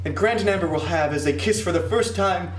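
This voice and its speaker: A man asking guests questions for a wedding video in a lively way. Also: a little high, brisk. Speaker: interviewer. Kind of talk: interview questions. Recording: roomy with faint music.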